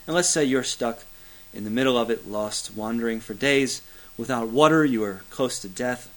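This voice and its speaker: On a rough recording, a preaching pastor moves at a moderate pace between loud, emphatic climaxes and quiet, low passages. He falls into a repetitive cadence typical of sermons and uses the occasional filler.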